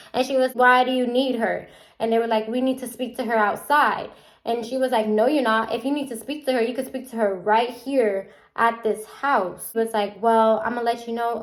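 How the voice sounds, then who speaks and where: A young adult woman telling a casual storytime vlog, animated and chatty, acting out the people she quotes. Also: fairly high pitch. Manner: animated, acts out quotes with a chatty run-on delivery. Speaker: vlogger.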